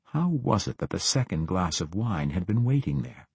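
A man narrating a fantasy novel as an audiobook, in a steady, measured way. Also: low voice, creaky, slightly rough, no echo.

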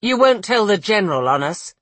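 A narrator voicing a curt, sharp-tongued woman servant. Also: mid-range voice, big pitch swings, brisk, no echo, pitched above the performer's own voice. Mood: huffy. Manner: curt, huffy.

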